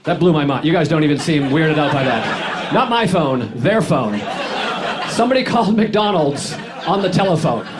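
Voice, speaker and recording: A slightly high-voiced man doing stand-up on a club stage into a handheld mic, deadpan and self-mocking, sinking into mutters for his asides. The live recording carries clear noise behind him. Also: moderate pace. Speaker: stand-up comedian. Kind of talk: stand-up comedy set. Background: audience laughter.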